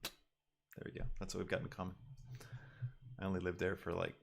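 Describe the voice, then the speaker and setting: Low, gravelly male streamer who muses and stalls while he works; casual, unpolished delivery. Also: monotone. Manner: thinking aloud, halting with ums and restarts. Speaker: 3D artist livestreaming his work. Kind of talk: casual livestream talk while working.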